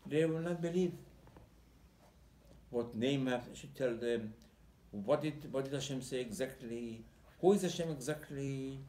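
A man's voice: medium pitch, a little mellow, slight background noise. A man, a rabbi giving a Torah sermon, telling the story animatedly and acting out the dialogue, often repeating words as he searches for his phrasing. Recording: roomy echo, faint background ambience.

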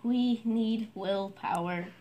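A woman's voice: fairly high pitch, takes it slowly, dark tone. A woman reading a sensible, patient frog. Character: sensible male frog trying for willpower.

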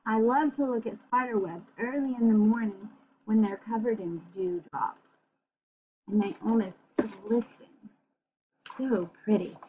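A woman reading a picture book aloud to children, pausing for gentle, chatty asides to her young listeners. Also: medium pitch, dull audio, slight background noise. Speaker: children's storyteller.

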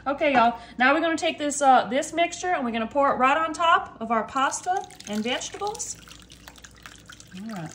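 A woman's voice: sits high, expressive, moderate pace, fairly bright tone, a little hiss or hum. A woman chatting casually to viewers as she cooks in her home kitchen, calling them y'all. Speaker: cooking vlogger. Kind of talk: casual cooking vlog.

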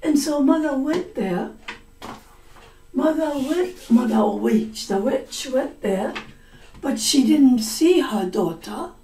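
Slow, mellow woman teacher telling a story. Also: sits high, lively intonation, recorded from a distance, slight background noise. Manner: slow and deliberate, explains words, acts out voices in quotes. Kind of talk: slow story-listening lesson. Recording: echoey room, voice a little off mic.

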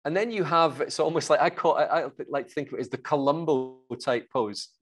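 Confident man, fairly high voice. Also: brisk. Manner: energetic, confident, explains with examples. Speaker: sales coach guest. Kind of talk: conversational interview, coaching advice.

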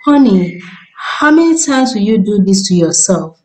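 A woman's voice: mid-range voice, big pitch swings, moderate pace, echoey room, lightly acted, poor audio. A woman voicing a devoted young husband who speaks soothingly and coaxingly.

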